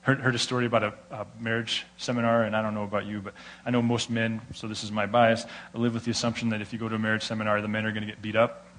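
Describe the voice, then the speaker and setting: A man with an American accent preaching a sermon, telling stories with lively delivery and acting out the people he quotes. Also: lowish voice, very fast. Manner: animated storytelling, acts out quoted voices. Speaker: pastor.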